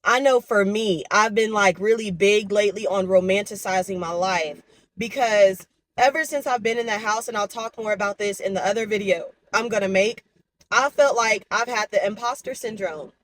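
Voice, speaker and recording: A woman's voice: medium pitch, moderate pace, fairly bright tone, no echo, low-quality recording. Chatty young woman vlogging. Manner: chatty, candid, addresses viewers as y'all and baby. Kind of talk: casual talk to camera.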